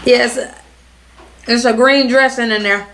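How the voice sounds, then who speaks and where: A woman's voice: on the high side, fairly even intonation, slow, fairly bright tone. A young woman hosting a reaction video, talking in casual slang, swearing and laughing as she comments and snacks.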